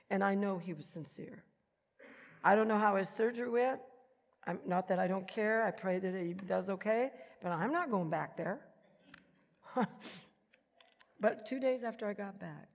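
A woman tells her own story as a personal testimony, moving from soft, low asides to loud, bright bursts as she acts out what others said. Her voice sits in the middle range. A long hall reverb trails behind every phrase. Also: normal speed, breathy edge. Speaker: speaker giving testimony.

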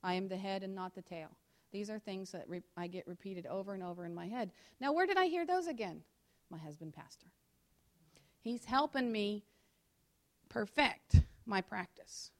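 A woman teaching a sermon to her congregation. She reads scripture slowly and loudly, then drops to quiet, quick asides and direct questions. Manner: swings between loud emphatic scripture reading and low confiding asides; talks straight to the congregation with questions. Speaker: church teacher in ministry with her pastor husband. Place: in front of a church congregation.

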